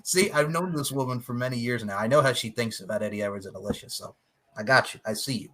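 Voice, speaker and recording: A man's voice: medium pitch, fast. A man hosting a casual wrestling review podcast, joking and laughing often. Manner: excitable, laughs often, jokey. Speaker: podcast host.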